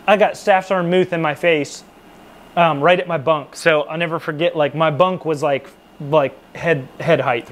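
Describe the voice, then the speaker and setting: A man casually telling a rambling, profane, self-mocking story to camera about his time in the military. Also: fairly high pitch.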